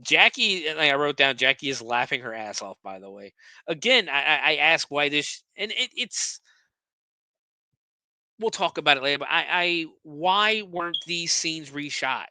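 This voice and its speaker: A man's voice: on the high side, animated, normal speed, pushed and bright, no room sound. A man hosting a podcast, recapping a movie scene by scene in a casual, profane, sarcastic way, often stumbling over his words.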